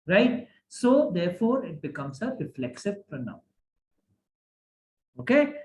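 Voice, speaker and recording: A man with a high, unhurried voice teaches a grammar class online in an echoey room. He's animated and keeps asking the class questions to check they're following.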